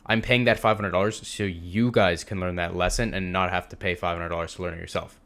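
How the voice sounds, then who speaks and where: A man's voice: deep voice, fairly even intonation, brisk, fairly bright tone. A young man teaching a trading lesson over a screen share, casual and emphatic, repeating words for stress. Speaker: trading instructor.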